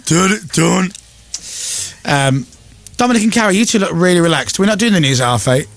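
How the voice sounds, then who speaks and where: A man's voice: sits high, very animated, fast talker, a bit bright. A man hosting a live breakfast radio show, joking and teasing his guests. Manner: playful, teasing, laughs a lot.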